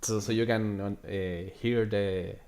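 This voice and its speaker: A man from Chile with a Chilean Spanish accent, a native Spanish speaker in a casual video chat, pausing often to search for English words. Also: on the low side, steady tone, a little mellow. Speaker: language exchange partner. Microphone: video call.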